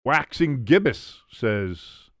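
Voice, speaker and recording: A man's voice: mid-range voice, big pitch swings, drawn-out words, fairly bright tone, no echo, clean studio sound. A man hosting a sports watch-along stream, chatting casually between play-by-play calls, rambling with fillers, restarts and casual swearing.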